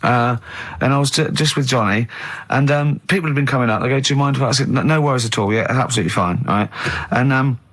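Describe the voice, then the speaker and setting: An English man hosting a radio show, telling lively anecdotes and teasing his co-hosts in casual studio banter. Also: mid-range voice, fast talker. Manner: animated storyteller, mimics people in his stories, laughs often. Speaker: radio host.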